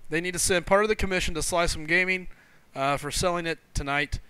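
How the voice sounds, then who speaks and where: Excitable high-voiced man hosting a stream. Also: fairly quick, clear, resonant tone, no echo. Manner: excitable, laughs often, reads chat aloud. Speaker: live-stream host. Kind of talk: casual live-stream chat.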